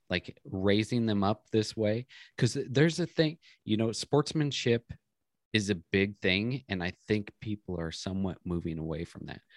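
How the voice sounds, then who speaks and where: A man's voice: fairly low pitch, no room sound, studio quality. A man co-hosting a podcast, telling stories in casual chat with many restarts. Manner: rambling storyteller, many restarts. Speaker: podcast co-host.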